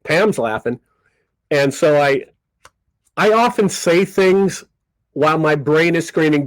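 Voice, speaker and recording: With a fairly high pitch, a somewhat slow delivery and frequent pauses, an older comedy magician guesting on a podcast recounts stories casually, animatedly acting out whoever he quotes. There's no room sound, and the recording is rough.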